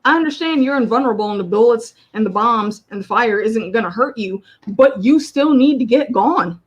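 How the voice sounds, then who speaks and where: Female host, casual chat, animated, quick bursts, higher register. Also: dull audio.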